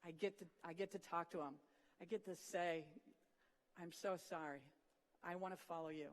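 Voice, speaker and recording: A preacher giving an earnest sermon, retelling scripture vividly and dropping to a soft voice for emphasis. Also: mid-range voice, steady tone, normal speed. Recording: long reverb of a large hall.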